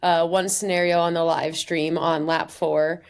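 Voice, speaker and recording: A woman interviewer with a somewhat low voice asking questions casually. She hesitates and fills her phrasing as she goes. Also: flat delivery, a little slow, gravelly, clean tone. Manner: hesitant, many "like" fillers. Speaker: podcast host, interviewer.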